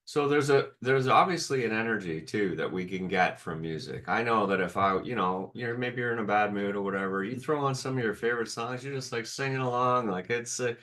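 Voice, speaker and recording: Male podcast co-host, low voice, easygoing and supportive. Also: brisk, few pauses, a bit bright. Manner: supportive listener, frequent short affirmations. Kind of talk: casual chat.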